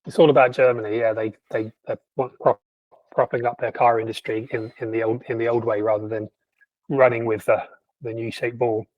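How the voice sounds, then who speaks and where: A man co-hosts a casual podcast, talking in an animated, sardonic way and tripping over his own restarts. His voice sits at an ordinary pitch, recorded close and dry with no room sound. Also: normal speed, dry recording, highs cut off. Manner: animated, sardonic, stumbles through many restarts. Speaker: podcast co-host. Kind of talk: casual chat.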